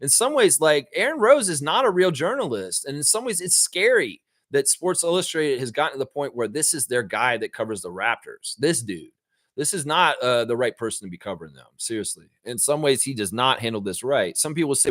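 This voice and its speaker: A fired-up man hosting a live basketball show, ranting and cursing as he goes. His fairly high voice swings wildly up and down, and the sound is dry and close. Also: brisk, no echo. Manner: animated and swearing, jumping up high for emphasis; mocks people with put-on quoted voices. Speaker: sports show host. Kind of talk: profane ranting commentary.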